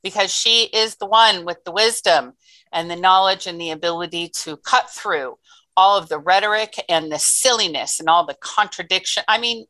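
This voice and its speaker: A woman's voice: on the low side, normal speed, pushed and bright, no echo. Effusive woman co-hosting a radio show. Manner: effusive, emphatic repetitions. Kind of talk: enthusiastic show introduction.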